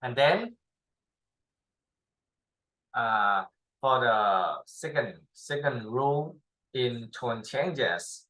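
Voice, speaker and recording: A man teaching a spoken language lesson in halting non-native English, with many pauses and fillers; his first language is Thai. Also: mid-range voice, lively intonation, pushed and bright, poor audio. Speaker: language tutor.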